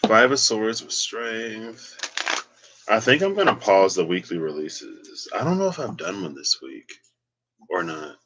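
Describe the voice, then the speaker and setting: A man with a low voice gives a casual tarot reading on his own. He talks slowly and rambles, thinking aloud as he works through the cards. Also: big pitch swings, fairly bright tone, a little hiss or hum, rough recording. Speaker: tarot reader.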